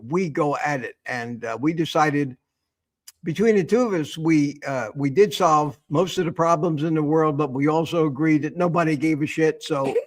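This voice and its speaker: An older man hosting a casual morning livestream, a bit hoarse, teasing his guest and reading viewer comments aloud. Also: on the high side, normal speed. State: a bit hoarse after a late night. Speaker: livestream host. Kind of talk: casual live-stream chat.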